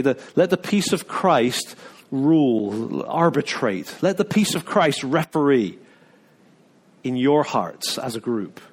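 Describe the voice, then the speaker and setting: A middle-aged man preaching a sermon in a conversational way, often restarting and acting out little asides. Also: medium pitch. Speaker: pastor.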